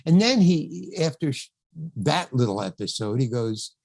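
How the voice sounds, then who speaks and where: A man's voice: medium pitch, expressive, a little mellow, no echo. Rambling older man telling a story. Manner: rambling, halting, many restarts and "you know". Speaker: podcast guest. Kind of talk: storytelling anecdote in casual chat.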